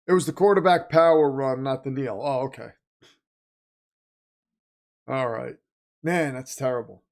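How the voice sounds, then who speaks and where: A man hosts a casual live-stream watch party in an unhurried, creaky, mid-range voice. He reads the chat in a chatty, sarcastic way and jokingly calls himself the villain.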